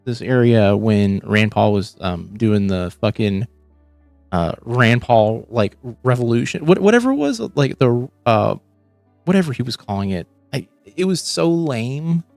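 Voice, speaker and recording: A man's voice: medium pitch, expressive, a little slow, gravelly, a little mellow, no room sound, faint music behind. Profane, rambling male livestream host. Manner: rambling, profane, restarts often. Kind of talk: casual reaction commentary.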